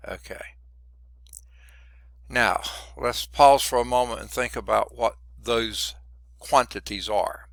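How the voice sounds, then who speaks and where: Slow, gravelly man teaching math. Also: mid-range voice, a bit bright, no echo. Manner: thinks aloud step by step, muttered asides. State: losing his voice. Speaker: math instructor. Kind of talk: recorded lecture working through problems.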